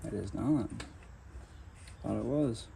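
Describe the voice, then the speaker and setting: A DIY mechanic works on a truck in his home garage, giving a casual how-to to viewers he calls "guys." His voice is medium-pitched, slow, dark and fry-laden, with a little hiss or hum; he talks loosely with many fillers and is out of breath at times.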